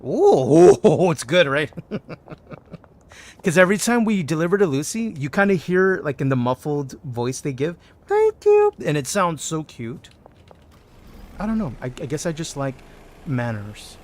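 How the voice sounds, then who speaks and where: A man streaming a game, chatting playfully with the characters in casual commentary and breaking into loud bursts of excitement. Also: fairly high pitch, normal speed, no room sound.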